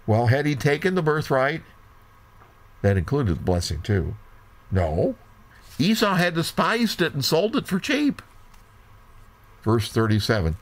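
A man with a mid-range voice reads old scripture aloud at a slow, deliberate pace. Now and then he stops for short remarks of his own, as a Bible teacher does in a lesson. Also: mid-range voice, big pitch swings. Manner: slow, deliberate reading with brief asides. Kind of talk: reading scripture with commentary.

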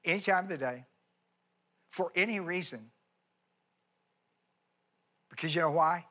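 A man's voice: on the high side, a little slow, pauses often, fairly bright tone. A man preaching a sermon as pastor, folksy and emphatic, with chatty asides and repeated phrases. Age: older.

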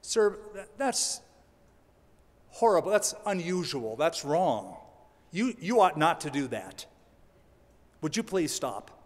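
A man's voice: a little high, big pitch swings, takes it slowly, pauses often, in a large hall, exaggerated voice. A man putting on a timid, polite bystander who stammers as he pleads with a bully. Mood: pleading. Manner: hesitant, stammering.

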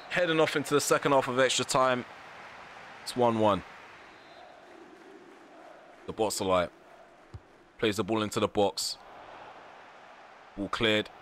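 A man's voice: on the low side, fairly bright tone, a little hiss or hum. A man commentating live over his football video game, ranting in frustration and repeating himself in slangy phrases. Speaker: gaming YouTuber.

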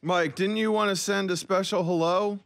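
A man's voice: sits high, fairly even intonation, normal speed, gravelly, fairly bright tone, no room sound. A man co-hosting a talk radio show, needling the weatherman with dry teasing. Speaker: radio co-host. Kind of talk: studio talk radio banter.

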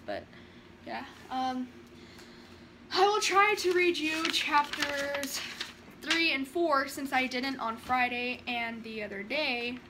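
A woman's voice: high voice, bright, forceful tone, slight background noise. A woman vlogger chatting nervously with sighs, then reading her own story aloud. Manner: rambling, sighing, nervous. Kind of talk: casual chat and story reading.

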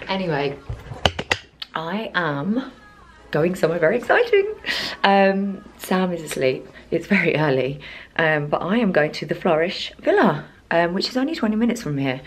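A woman's voice: lowish voice, very animated, moderate pace. A British woman in her twenties chatting casually to her phone camera in a rambling vlog, full of ums and likes. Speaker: vlogger.

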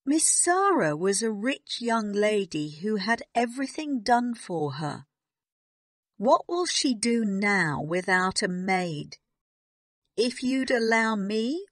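A woman voicing a timid, tearful young kitchen maid who pleads and apologizes, in a slow storybook reading. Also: mid-range voice, fairly bright tone, dry recording, studio quality.

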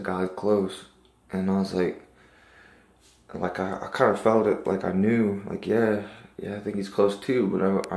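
A man's voice: low voice, gravelly, mellow. Rambling, earnest man in an echoey room. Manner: rambling, earnest, full of likes and restarts. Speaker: person recounting a dream. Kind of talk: casual personal storytelling.

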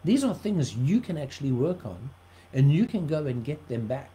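A man's voice: mid-range voice, very animated, normal speed, mellow, a little hiss or hum, low-quality recording. A man from South Africa preaching an earnest livestream sermon, often repeating words for emphasis.

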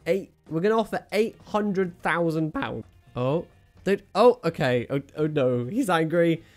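Excitable man commentating a game. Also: on the high side, a little slow, soft background music. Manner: excitable, jokey, talks to viewers and himself. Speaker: gaming channel host. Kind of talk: live video game commentary.

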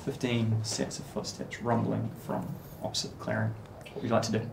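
A man running a tabletop game as game master, narrating scenes in a relaxed way with fillers. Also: on the low side, a little fast, creaky, background noise. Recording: echoey room.

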